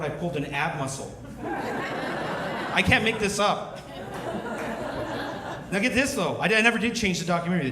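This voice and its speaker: A man's voice: fairly high pitch, distant mic. A man telling a self-mocking story as part of a stand-up set at a comedy club. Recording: echoey room, off-mic, noisy.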